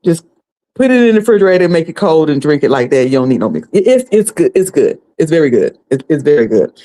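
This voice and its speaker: A woman's voice: sits low, big pitch swings, quick pace, mellow. A woman hosting a casual livestream from home, rambling and repeating herself as she chats, often laughing. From North Carolina, US. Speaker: livestream host. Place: home, a noisy washing machine upstairs.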